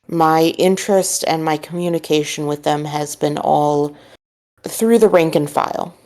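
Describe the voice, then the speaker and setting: A woman voicing an earnest, measured man who speaks in a calm, careful way. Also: low-pitched. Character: earnest, measured man courting disillusioned people.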